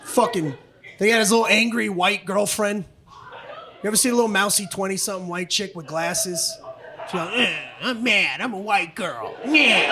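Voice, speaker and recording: A man doing stand-up comedy on a club stage, ranting profanely and shouting punchlines. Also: sits high. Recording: live comedy club, noisy audience.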